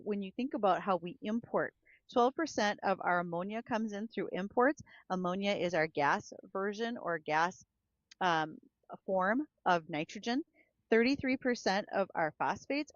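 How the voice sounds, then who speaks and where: A woman co-hosts a farm broadcast, talking in a chatty, easygoing way. Her voice sits at an ordinary middle pitch. The audio is dry and slightly dull. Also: expressive, moderate pace, dry recording. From North Dakota. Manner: chatty, laughs easily, storytelling. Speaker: agriculture director and co-host. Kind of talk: casual on-air chat and farm market report. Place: broadcast studio.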